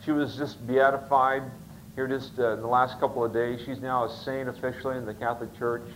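A man's voice: medium pitch, level tone, brisk, a little hiss or hum, rough recording. A man preaching a sermon, telling a story in a rambling, folksy way with many fillers and restarts. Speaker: pastor.

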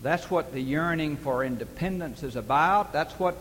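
A man's voice: on the high side, normal speed, few pauses, fairly bright tone. A man preaching a sermon, telling stories earnestly and building to emphatic questions. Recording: distant reverberant hall with faint hiss.

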